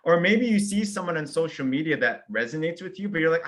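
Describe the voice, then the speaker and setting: A man giving an energetic sales training talk, walking through simple steps and acting out example messages. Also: mid-range voice. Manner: energetic, fast, acts out example invitations.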